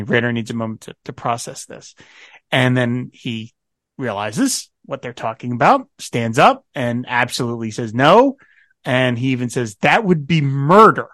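A man's voice: mid-range voice, dry recording. Chatty, laughing man with a dry sound. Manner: animated, laughing often, quoting characters. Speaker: podcast co-host. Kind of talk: casual chat recapping a TV episode.

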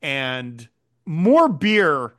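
Animated man recapping a show. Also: on the high side, drawn-out words. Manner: animated, retells scenes with quoted lines. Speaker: podcast co-host. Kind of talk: casual episode recap chat.

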